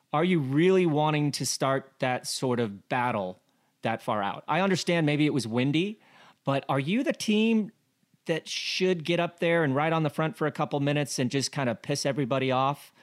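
A man's voice: a little high, moderate pace. A man co-hosting a casual cycling talk show, analysing a race with lots of rhetorical questions and fillers. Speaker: cycling podcast co-host.

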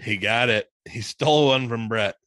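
A man co-hosting a podcast in casual chat, laughing often and thinking out loud with playful teasing. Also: medium pitch, moderate pace, no echo, clean studio sound. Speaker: podcast co-host.

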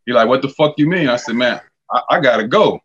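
A man telling stories in a casual podcast chat, animated and profane, acting out quoted dialogue. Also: medium pitch, fast talker, husky, highs cut off. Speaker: podcast guest, former college basketball player.

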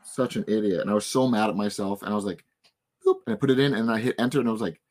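A man in his twenties with a hoarse voice, hosting a podcast in casual chat and telling stories in an animated way. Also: on the low side, rapid-fire. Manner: animated storytelling, frustrated rants. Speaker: podcast host.

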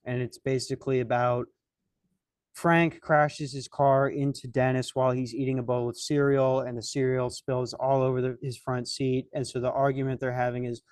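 A man's voice: medium pitch, level tone, moderate pace, darkish tone, smooth, no echo. A young man hosting a podcast, telling a comic story in a rambling, profane, self-mocking way. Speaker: podcast host. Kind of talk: comedic storytelling chat.

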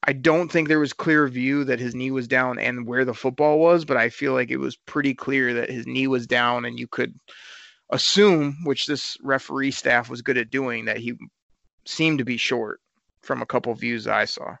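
A man co-hosting a casual sports talk show, breaking down a game in an animated, frustrated way. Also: medium pitch, moderate pace, vocal fry, dry recording, highs cut off.

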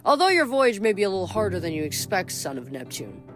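A woman's voice: medium pitch, big pitch swings, quick pace, over music, lightly acted. A woman reading a smug drawling wine god. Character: smug, lazy male wine god, bored and superior.

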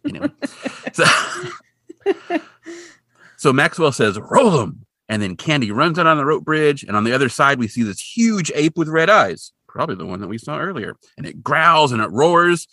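Lively, bright-voiced man recapping a cartoon. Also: fairly quick, hardly any pauses, no echo, studio quality. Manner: animated storyteller, jumps into high voices for quoted characters. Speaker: podcast co-host recapping a cartoon episode. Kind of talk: casual chat.

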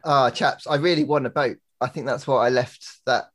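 A young man co-hosting a podcast, telling a story in an animated way and laughing often, over a laptop mic. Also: medium pitch, normal speed. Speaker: podcast co-host. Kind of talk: casual chat. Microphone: laptop webcam and mic.

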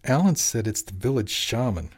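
A man voicing a brisk office messenger. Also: mid-range voice, very animated, darkish tone, husky.

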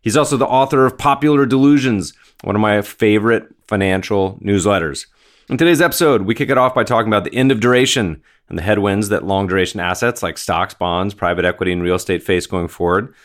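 A man's voice: on the low side, fast talker. An American man hosting a podcast, chatty and upbeat, introducing his guest, reading an ad and joking around. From United States. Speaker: podcast host. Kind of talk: casual interview chat and read ad.

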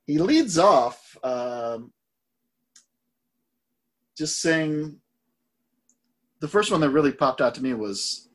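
Husky-voiced man on a podcast. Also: on the high side, takes it slowly, pauses often. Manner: animated, frequent restarts, enjoys crude jokes. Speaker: podcast co-host. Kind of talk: casual podcast chat about a film.

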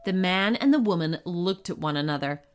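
A woman reading a children's story aloud with expressive, animated narration. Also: fairly low pitch, fairly quick, soft background music.

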